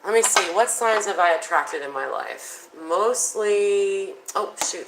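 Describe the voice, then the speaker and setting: A woman's voice: medium pitch, animated, a little slow, background noise. A woman doing a casual tarot reading, chatty and thinking aloud with plenty of fillers. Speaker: tarot reader.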